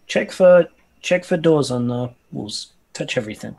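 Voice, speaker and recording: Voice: medium pitch, animated, normal speed, creaky, darkish tone, husky. A tabletop game player insisting on directions to the others. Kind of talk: casual tabletop game play.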